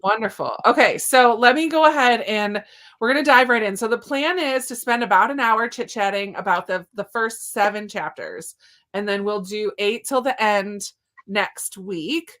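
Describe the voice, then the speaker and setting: A woman's voice: medium pitch, normal speed, fairly bright tone. Enthusiastic woman hosting a live chat. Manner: enthusiastic and welcoming, with chatty fillers. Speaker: host of a live book discussion. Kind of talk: casual live-stream chat.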